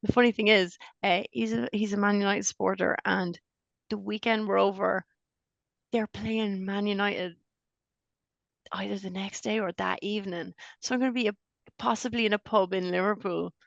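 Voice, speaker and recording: Woman with a gravelly voice. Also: medium pitch, no room sound, dull audio. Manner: profane, animated storyteller, laughs often. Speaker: podcast co-host. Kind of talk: casual chat.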